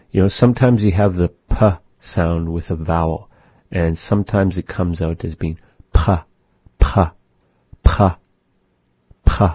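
A man's voice: low-pitched, warm tone, breathy edge, no room sound. A man giving a patient radio language lesson and demonstrating sounds one by one. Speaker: language teacher.

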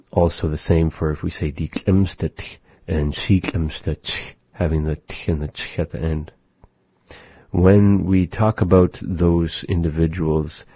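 A man slowly explaining words and phrases in a language lesson, patiently repeating each word for the listener. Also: extremely low pitch, warm tone, husky, no echo. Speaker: language teacher.

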